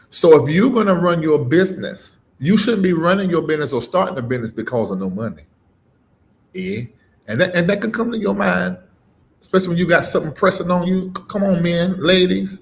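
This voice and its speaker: A middle-aged man preaching on a live stream, emphatic and informal, swinging between loud punches and low murmurs and repeating phrases with a rising cadence. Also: creaky. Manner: informal, dropped verb endings. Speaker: preacher and livestream host.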